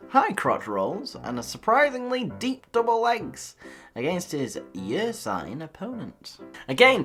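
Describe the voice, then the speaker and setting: A woman's voice: sits low, a bit bright. A woman hosting a comedy news show, reading odd stories with giggles, swearing and jokey asides.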